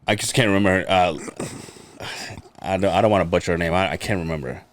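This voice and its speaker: A man's voice: low voice, quick pace. A man co-hosting a casual podcast, telling stories in a rambling way with frequent laughter and stumbles. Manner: rambling, laughs often, stumbles over words. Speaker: podcast co-host. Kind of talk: casual chat.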